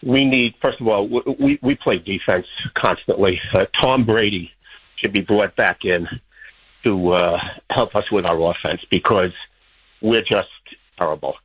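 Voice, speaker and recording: A man's voice: fairly low pitch, unhurried, husky. A man from Florida calling in to a talk radio show, eager and insistent to make his point. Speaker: caller. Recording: tinny phone line.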